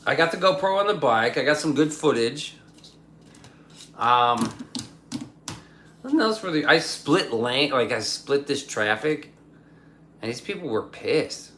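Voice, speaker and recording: A man's voice: medium pitch, animated, unhurried, pauses often, sharp tone, a little hiss or hum. A young adult man rambling profanely in casual livestream chat, reading his chat aloud. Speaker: streamer.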